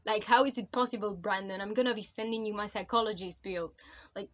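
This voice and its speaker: A woman's voice: mid-range voice, fairly quick. A woman talking casually in a book review vlog, gushing and swearing a lot, rambling with constant "like" and "you know", and emotional enough to come close to tears. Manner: gushing, profane, rambling with many fillers.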